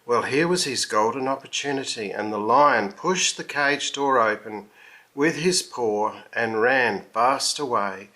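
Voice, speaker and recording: Slow, bright-toned male storyteller. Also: medium pitch. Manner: slow, expressive storybook reading. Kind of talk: reading a children's story aloud.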